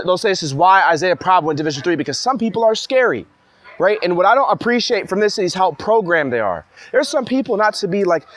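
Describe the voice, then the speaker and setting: Young guy ranting heated, high voice, keeps restarting his sentences. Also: a bit bright. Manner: agitated, rambling, full of restarts. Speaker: vlogger ranting to camera. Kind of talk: heated personal monologue.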